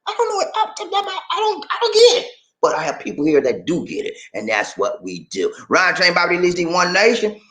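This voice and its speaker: Male live-stream host, casual, lively ups and downs in pitch, chatty, drops "man" a lot. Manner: animated, chatty, often says "man"; swings between excited high bursts and low serious talk. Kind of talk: casual live-stream chat, reading viewer comments.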